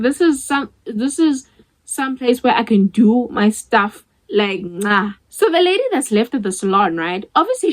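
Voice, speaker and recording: A woman's voice: on the high side, rough recording. A young South African woman in her twenties telling a storytime vlog in a chatty way, acting out the dialogue with many "like" fillers. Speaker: vlogger.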